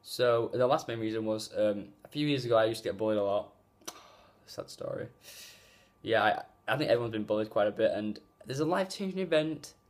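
A man's voice: on the low side, lively intonation, fairly quick. Rambling young man on a phone vlog. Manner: rambling, filler-heavy, earnest. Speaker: gaming YouTuber. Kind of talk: casual vlog talk. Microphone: phone mic.

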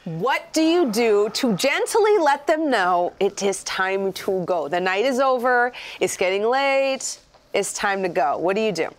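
A woman from Southern California chatting casually while painting miniatures, animated and swearing freely. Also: mid-range voice, measured pace. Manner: animated, swears freely, acts out quoted voices.

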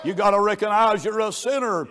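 A man preaching a revival sermon, fervent and building to shouts. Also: high voice, brisk.

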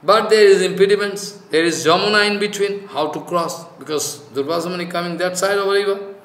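A man preaches a devotional talk in a high, bright voice. He speaks loose, informal English, scattering "you know" through his sentences and repeating his key points for emphasis. The room around him rings with echo. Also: fairly quick. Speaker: spiritual teacher. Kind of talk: devotional scripture discourse.

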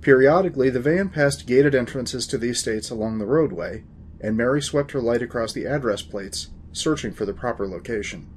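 A man in his forties narrates a scripted story as a podcast host, with a dry, wry touch. His pitch sits right in the middle, and a faint hiss runs under his voice. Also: a little fast.

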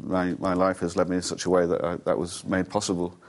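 A man's voice: deep voice, monotone, quick pace. A man in his forties, an actor, telling amused, self-deprecating stories as a talk show guest in a television studio.

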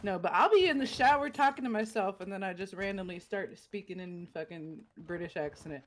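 A woman's voice: medium pitch, fairly quick. A woman co-streaming with a friend, chatting casually and profanely while gaming, often breaking into laughs. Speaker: co-streamer guest. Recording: noisy mic with clicks.

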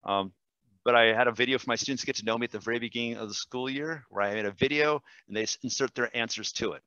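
A man, a language teacher, demonstrating software in a webinar, enthusiastic and quick, with fillers and self-corrections. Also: mid-range voice, smooth, no room sound, highs cut off. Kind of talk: screen-share webinar demo.

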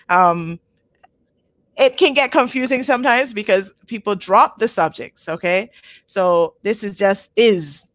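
Slow, patient woman teaching a lesson. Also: mid-range voice, dry recording. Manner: patient, checks in with frequent "okay?", models words slowly twice. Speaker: language teacher. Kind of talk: live online language lesson. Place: home.

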